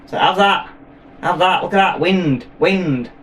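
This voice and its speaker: A man's voice: high voice, a little slow, a bit bright, far from the mic, a little hiss or hum, pitched above the performer's own voice. A man voicing a huge male sea monster, cocky and taunting, with a raised voice. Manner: cocky, mocking, swearing.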